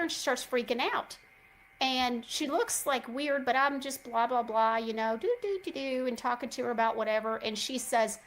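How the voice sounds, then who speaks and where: A woman's voice: on the high side, low-quality recording. A middle-aged woman, hosting a show and telling a chatty story straight to her listeners. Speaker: host. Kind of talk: casual chat.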